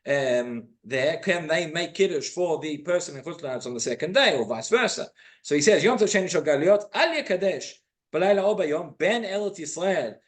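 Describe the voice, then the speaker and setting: A rabbi giving an informal class in a synagogue, explaining texts and reading Hebrew quotations aloud. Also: male voice, on the high side, fairly bright tone. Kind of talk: informal Torah class lecture.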